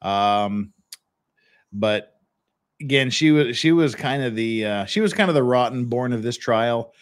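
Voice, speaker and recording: A man's voice: medium pitch, lively intonation, measured pace. A man hosting a podcast who talks through trial footage in a blunt, opinionated way, often restarting his sentences. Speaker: podcast host. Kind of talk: casual commentary on trial footage.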